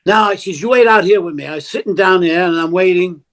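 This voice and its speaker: An older man tells a story as a podcast guest, with a voice set high for a man. He talks bluntly and often swears. He acts out every line of dialogue in the story. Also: fast talker. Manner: animated, acts out quoted dialogue, blunt and profane. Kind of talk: casual storytelling.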